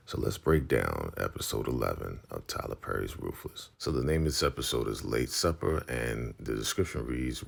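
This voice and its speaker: A man with an extremely deep, gravelly voice recaps a TV episode. His delivery is laid-back and slangy, and he tells the story in a lively way. His low register rumbles with fry. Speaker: TV recap vlogger.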